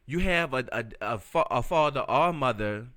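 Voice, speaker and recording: A man's voice: medium pitch, animated, moderate pace. A man co-hosting a podcast, speaking casually and candidly, hedging his thoughts with "you know" and "I think.". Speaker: podcast co-host. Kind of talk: casual chat. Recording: loud music playing behind.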